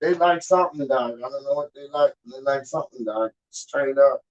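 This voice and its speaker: A man's voice: medium pitch, moderate pace, dull audio. A man chatting loosely late at night at home, calling the viewer "dog" and breaking into football chants. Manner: keeps saying "dog" and "how you mean", sings football chants. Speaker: vlogger. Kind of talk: rambling late-night casual chat. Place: home, just out of the shower.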